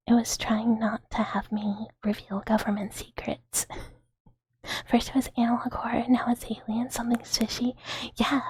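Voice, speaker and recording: A woman streaming ASMR and chatting in a breathy whisper, giggling and rambling with lots of "like" into a close microphone. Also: fairly high pitch, a little mellow.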